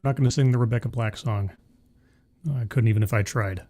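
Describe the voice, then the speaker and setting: A man's voice: medium pitch, sing-song, fairly quick. A man hosting a casual livestream, greeting viewers by name, reading news aloud and giving blunt opinions. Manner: chatty, reads news aloud and comments bluntly. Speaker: livestream host. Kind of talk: casual live commentary.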